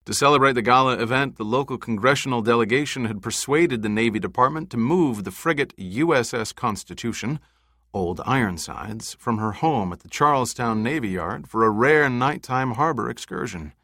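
A man reading a novel aloud as an audiobook narrator, in a measured, even storytelling delivery. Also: medium pitch, no room sound, studio quality. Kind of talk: scripted narration.

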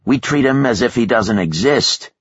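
A man voicing a calm, commanding male kidnapper who speaks formally without contractions. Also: medium pitch, moderate pace, husky, dry recording, highs cut off, voice pushed up. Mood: cold, commanding.

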